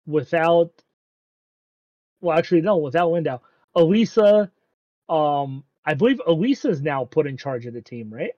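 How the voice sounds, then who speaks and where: A man with a slightly high voice recaps an anime plot in loose, rambling chat, full of ums and offhand swearing. The sound is dry and a little dull, like a lo-fi mic. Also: lively intonation, normal speed, long pauses, darkish tone, no echo.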